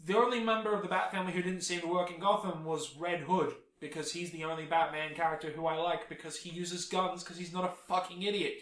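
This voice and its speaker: A man's voice: a little high, fairly even intonation, fast talker, few pauses, fairly bright tone, roomy sound. A man co-hosting a podcast, rambling through casual chat and swearing freely. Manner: rambling, swears freely, acts out quoted characters. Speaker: podcast co-host. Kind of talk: casual chat about comics.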